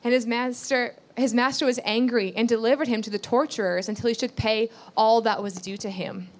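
Reading scripture aloud in a sermon, a female Bible teacher explains it earnestly, returning to key phrases and posing rhetorical questions. She speaks briskly, with a fairly high pitch and fairly even intonation.

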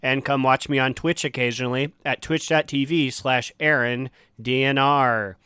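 Sick man with a bright, sharp voice. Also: mid-range voice, fairly even intonation. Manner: jokey, reads supporter names quickly. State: sick with a cough. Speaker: podcast co-host. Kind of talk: casual podcast chat.

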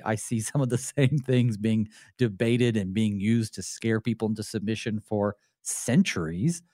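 A man's voice: medium pitch, a little mellow, no echo, clean studio sound. A man, a pastor hosting a talk show, speaking in a reflective, candid way with some fillers. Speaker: pastor and radio host. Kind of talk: conversational theology discussion.

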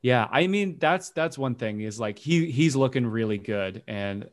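A man's voice: mid-range voice, expressive. A man co-hosting a sports podcast in casual chat, rambling and correcting himself as he goes. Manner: rambling, self-correcting, quick to laugh. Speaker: podcast co-host.

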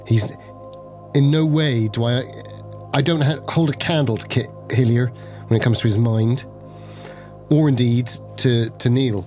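A man playing a tabletop game, excitable and animated as he rolls dice and talks in character. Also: mid-range voice, measured pace, pauses often, soft background music. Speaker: player.

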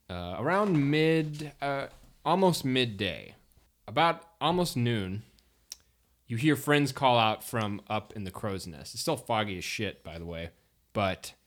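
A man's voice: on the low side, fairly bright tone. A man running a tabletop game as game master, narrating casually with many restarts and fillers.

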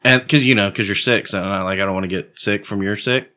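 A man's voice: fairly low pitch, fast talker, sharp tone. A young man co-hosting a podcast, playful and teasing in casual chat. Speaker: podcast co-host.

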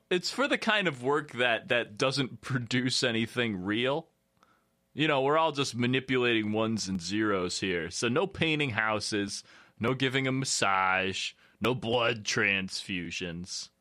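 Wry deadpan man, bright lively voice. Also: medium pitch, a little slow. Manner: dry, wry deadpan riffing. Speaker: podcast co-host. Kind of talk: casual comedic chat.

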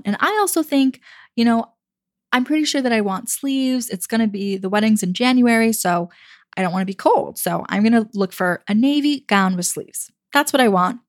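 A woman's voice: a little high, expressive, normal speed, no room sound, studio quality. A young adult woman giving dating advice in a chatty, casual monologue, often acting out what people say. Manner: chatty, acts out quoted voices, fillers like "you know". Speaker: dating coach.

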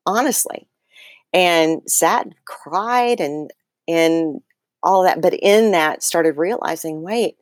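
A woman guest in an interview, retelling a personal story in an animated way, with many fillers and restarts. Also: fairly low pitch, takes it slowly, dry recording, studio quality. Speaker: guest author.

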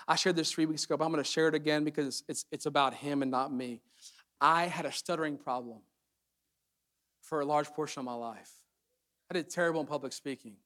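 A man preaching a sermon as pastor to his congregation, swinging between loud emphatic build-ups and quiet, hushed asides. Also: fairly high pitch. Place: church sanctuary with congregation.

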